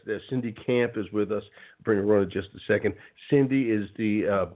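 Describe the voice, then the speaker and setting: A man hosting a casual radio talk show, chatty and rambling, spelling out web addresses slowly. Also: medium pitch. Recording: phone-like narrow band.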